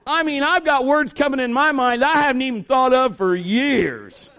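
A man's voice: very high-pitched, lively intonation, moderate pace, bright, forceful tone, smooth. A middle-aged man, a pastor, preaching a sermon through a folksy, humorous story and acting out the voices of the people in it.

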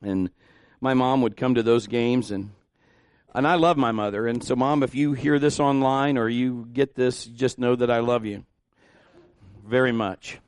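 A man preaching a sermon as pastor, informal and conversational, often rising in pitch and volume as he gets animated. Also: a little slow, no room sound. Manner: informal and conversational, with restarts and asides.

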